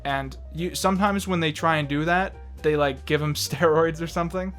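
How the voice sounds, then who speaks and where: A man's voice: a little high, normal speed, fairly bright tone, soft background music. A young man chatting casually as a movie review co-host, rambling with lots of fillers and restarts and laughing often.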